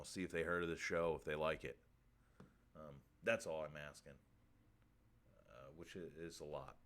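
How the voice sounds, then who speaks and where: A man hosting a crude comedy stream show, reading odd facts and pleading with viewers in a deadpan way. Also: sits low. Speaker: host.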